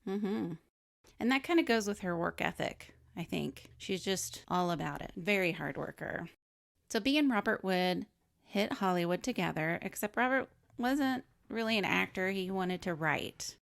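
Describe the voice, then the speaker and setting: A woman's voice: medium pitch, animated, moderate pace, vocal fry, no room sound, studio quality. A woman co-hosting a film podcast, reading through a celebrity's life story in casual chat and laughing often. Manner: reads notes on a celebrity's life, chatty and laughing. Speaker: podcast co-host.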